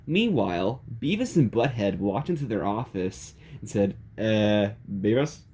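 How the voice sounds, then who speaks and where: A man's voice: fairly low pitch, big pitch swings, normal speed, warm tone, a little hiss or hum. A man narrating a silly comedic story in a playful, chuckling way.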